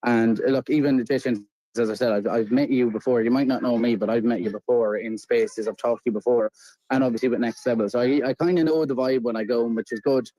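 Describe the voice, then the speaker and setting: A chatty Irish man talking over a remote call, rambling through his thoughts with frequent restarts. His voice is dark and mellow, and the sound is dry and close. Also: mid-range voice, fairly even intonation, brisk, dry recording, rough recording. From Ireland. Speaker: guest caller. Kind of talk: casual chat on a live audio stream. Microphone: remote call connection.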